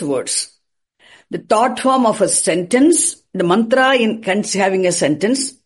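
A teacher giving a classroom lecture, repeating and restarting phrases and posing rhetorical questions before answering them. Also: medium pitch.

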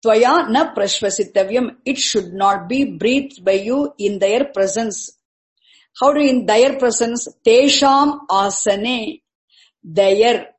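Woman teacher, fairly high voice, very slow, measured recitation, roomy echo. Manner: syllable-by-syllable chanting, then quick asides. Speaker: Sanskrit teacher. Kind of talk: slow recitation and explanation of a text.

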